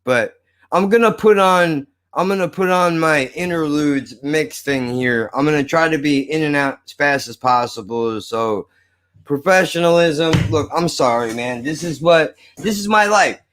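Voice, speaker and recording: A man's voice: a little high, unhurried, fairly bright tone. Frustrated swearing male streamer. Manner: swearing, muttering, exasperated. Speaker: live streamer. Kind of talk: frustrated off-the-cuff rant.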